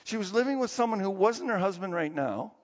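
A male pastor preaches a sermon full of animated storytelling, then closes in quiet prayer. His voice sits high and moves fairly quickly, in a dull recording with long hall reverb.

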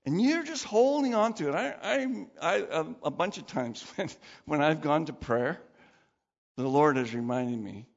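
A man preaching a sermon as pastor, conversational and animated, acting out quoted voices. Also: a little high, unhurried. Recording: dull sound with long hall reverb.

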